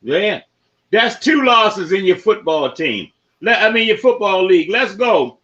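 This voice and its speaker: A man hosting a casual sports podcast, running through football results and giving shout-outs to listeners by name. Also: high voice, very animated, measured pace, dull audio. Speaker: podcast host.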